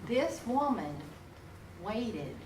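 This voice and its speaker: A woman teaching a nursing class, folksy and animated, talking straight to her students as she mixes lecture with stories. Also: a little high, drawn-out words. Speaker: nursing instructor. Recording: echoey classroom recorded from a distance with noise.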